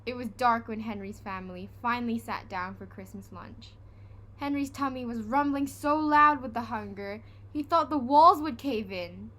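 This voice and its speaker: A woman reading a children's storybook aloud, lively and animated, playing up each character. Her voice is bright and on the high side. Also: moderate pace.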